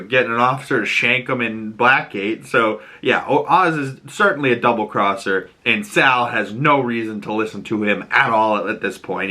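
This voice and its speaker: A man hosting a podcast who gives a casual, excitable recap of a TV episode, often laughing and using lots of filler words. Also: lowish voice. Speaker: podcast host.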